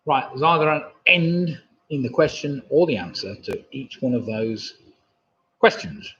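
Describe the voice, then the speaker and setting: A man's voice: mid-range voice, lively intonation, a little slow, a bit bright. Chatty man hosting a pub quiz. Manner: chatty, rambling asides, jokey. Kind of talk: live online quiz hosting. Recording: dull lo-fi stream audio.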